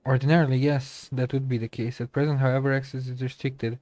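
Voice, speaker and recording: A man's voice: mid-range voice, little pitch movement, quick pace, a little mellow, dry recording, lightly acted. A man who is feeling unwell, voicing a stern, officious male custodian in a game with formal, clipped refusals. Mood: curt.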